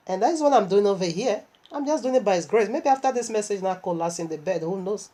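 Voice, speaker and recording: A woman's voice: fairly high pitch, a little fast, few pauses. Unwell woman preaching animatedly. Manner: animated, emotional storytelling with laughs. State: unwell and tired. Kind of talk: sermon.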